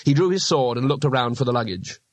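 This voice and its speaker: This is a man narrating a fantasy audiobook from a script, steady and measured like a storyteller. His voice sits in the middle range. The recording is dry and close, with no room echo.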